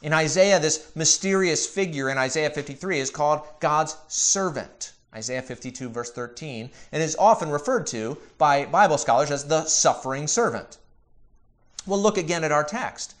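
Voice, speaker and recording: A man preaching a sermon as pastor, earnest, building to emphatic repeated questions and dropping softly on key phrases. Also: a little high. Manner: drops to slow, soft emphasis on key phrases.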